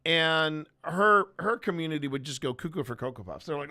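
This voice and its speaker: A man's voice: a little high, moderate pace, few pauses, pushed and bright, clear, resonant tone. A man, a paranormal investigator host, casually telling rambling stories with many restarts. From American South. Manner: rambling, frequent restarts and fillers. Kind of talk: casual storytelling Q&A.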